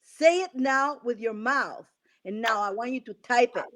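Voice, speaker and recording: A woman's voice: fairly high pitch, moderate pace, fairly bright tone. Woman coaxing listeners through affirmations. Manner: repetitive, coaxing instructions. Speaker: spiritual coach leading an affirmation exercise. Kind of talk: live-stream coaching session.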